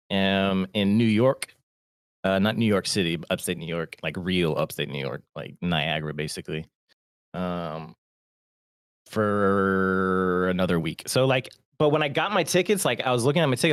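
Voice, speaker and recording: A man's voice: deep voice, normal speed, no room sound, studio quality. A man co-hosting a podcast, telling rambling stories in casual chat and laughing often. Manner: laughs a lot, rambling storyteller. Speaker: podcast co-host.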